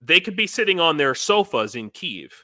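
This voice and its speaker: A man's voice: a little high, big pitch swings, normal speed, bright, forceful tone. An American man, a volunteer in Ukraine, talking loosely in a casual live-stream chat and chuckling between points. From United States. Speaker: guest, foreign volunteer in Ukraine.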